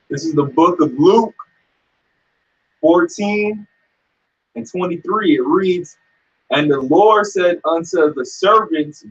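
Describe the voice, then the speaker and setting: A man reading scripture aloud in a preaching discussion, measured and urging, with a husky voice. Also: fairly high pitch. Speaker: scripture reader. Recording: dull lo-fi sound.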